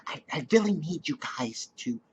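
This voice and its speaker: A man voicing a soft-spoken pleading woman in a breathy, hushed whisper. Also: fairly high pitch, animated, normal speed, slight background noise, lightly acted. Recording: dull lo-fi recording.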